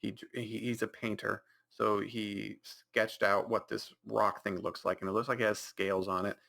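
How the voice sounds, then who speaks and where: A man's voice: fairly low pitch, level tone, normal speed, vocal fry, pushed and bright. A man hosting a podcast, rambling through a mocking recap of a movie with many restarts and put-on reactions. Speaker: podcast host.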